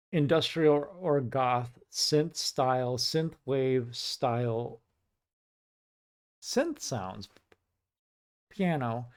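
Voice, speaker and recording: A man giving casual commentary while reacting to music, musing and excitable, with many filler "like"s. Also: mid-range voice, clear, resonant tone. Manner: musing, excitable, says "like" often.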